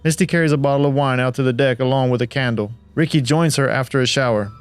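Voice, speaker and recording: A man narrating a horror story in a plain, steady reading voice. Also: medium pitch, fast talker, clean tone, faint music behind.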